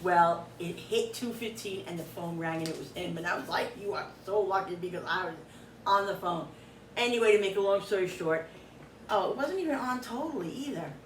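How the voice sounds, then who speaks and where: A middle-aged woman chats while cooking in her kitchen, retelling a frustrating story in an animated, exasperated way and acting out the other people in it. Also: lowish voice, brisk. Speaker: cooking vlogger. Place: home kitchen. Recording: echoey room, distant mic, background hum.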